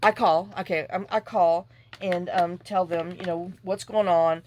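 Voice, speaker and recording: A woman's voice: lowish voice, fairly even intonation, measured pace, darkish tone, slight background noise. Woman rambling n venting while she cuts paper, chatty and fed up, home craft room. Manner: chatty, exasperated, salty venting. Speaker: papercraft vlogger. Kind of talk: casual storytelling while crafting.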